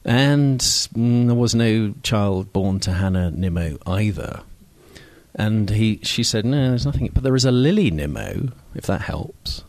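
This is an older man from Scotland, speaking received pronunciation, telling a personal story on a stage microphone. He's wry, digressive and self-mocking with many fillers, and his lowish, darkish voice is animated and unhurried, with no echo.

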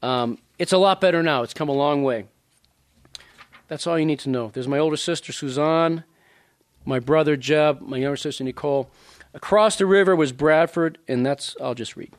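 A man's voice: on the high side, normal speed, no room sound. Chatty man in his sixties at a reading. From Louisiana. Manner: conversational, digressive, animated asides to the audience. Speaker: author at a reading. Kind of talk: casual talk and book reading.

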